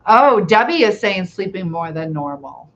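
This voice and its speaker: A middle-aged woman hosting a live chat, reading out viewers' comments and answering in a gentle, reassuring way, asking many questions. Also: medium pitch, very animated, moderate pace. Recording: slightly dull lo-fi sound, faint room noise.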